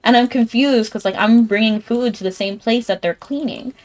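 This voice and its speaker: A woman's voice: fairly high pitch, normal speed, a little mellow. A young woman streaming a game, telling a rambling story in casual chat and laughing often. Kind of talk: casual chat while gaming.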